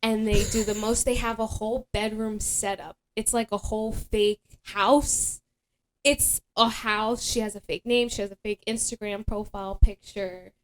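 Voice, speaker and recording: Rambling, animated young woman host. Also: medium pitch, normal speed. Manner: rambling and animated, full of fillers and laughs. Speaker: podcast host. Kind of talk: casual chat.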